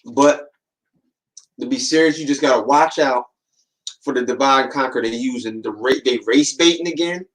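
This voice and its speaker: A podcast host delivers a casual monologue in slangy, streetwise talk, acting out quoted voices and warning listeners with a repeated "man" and "watch." His voice is mid-range at a moderate pace, and the audio is poor.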